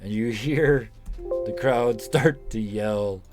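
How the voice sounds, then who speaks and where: A man's voice: lowish voice, slow pace, a little mellow, soft background music. A man narrating as game master, loose and joking, laughing often.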